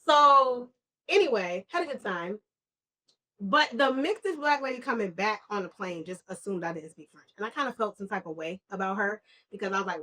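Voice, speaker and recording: A young woman from New York telling animated travel stories on a casual podcast over wine, acting out the people she quotes. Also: mid-range voice, moderate pace. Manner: animated storytelling, acts out quoted voices. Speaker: podcast co-host.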